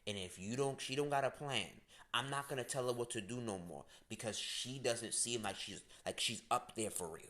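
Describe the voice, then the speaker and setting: A man talks straight to his audience in a loose, casual rant. He is blunt and profane and leans on slang, with a voice of middling pitch. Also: moderate pace, hardly any pauses, pushed and bright. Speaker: astrology channel host. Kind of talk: casual direct-to-camera rant.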